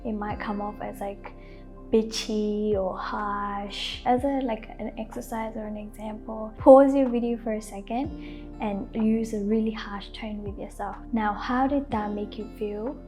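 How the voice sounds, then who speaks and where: A young woman giving gentle, casual lifestyle advice to camera, laughing often and saying "like" a lot. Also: mid-range voice, steady tone, unhurried. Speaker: lifestyle vlogger. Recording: faint background music.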